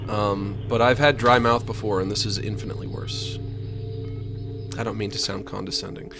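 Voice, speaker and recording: A man's voice: fairly low pitch, fairly even intonation, normal speed, gravelly, music in the background. A man streaming a game, chatting casually and rambling to his viewers. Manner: rambling, chatty, self-deprecating. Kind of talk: casual let's-play chat.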